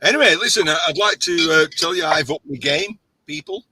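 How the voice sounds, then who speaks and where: A man's voice: high-pitched, big pitch swings, brisk, gravelly, background noise. A man hosting a casual livestream chat, rambling and jokey as he gets a little tipsy. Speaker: host.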